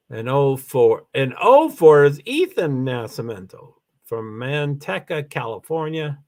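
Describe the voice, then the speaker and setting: A man's voice: mid-range voice, creaky. A tired man hosting a casual livestream, rambling with many fillers as he reads out names and chats to viewers. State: tired, yawning. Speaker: livestream host.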